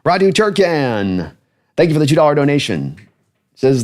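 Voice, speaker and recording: A man's voice: on the high side, very animated, moderate pace. A man hosting a football fan livestream, talking casually and rambling as he runs through his rankings and thanks viewers for donations. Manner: rambling, chatty, thanking donors.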